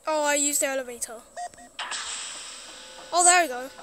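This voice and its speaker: A woman's voice: high-pitched, moderate pace, fairly bright tone, slight background noise. A woman playing a horror game, jittery and talking to herself as she goes. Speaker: gaming streamer. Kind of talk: horror game let's play.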